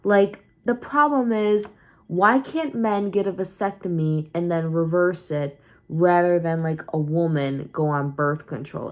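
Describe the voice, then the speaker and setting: A woman's voice: sits low, darkish tone. A tired young woman vlogging casually from home at night, rambling candidly with many fillers and restarts. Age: young adult. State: tired and sleepy. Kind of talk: casual confessional vlog.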